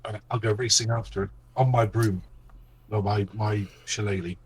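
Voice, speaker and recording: A man's voice: fairly low pitch, steady tone, normal speed, slightly rough, low-quality recording. A man playing a tabletop game, hesitant and full of ums and restarts. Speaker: player.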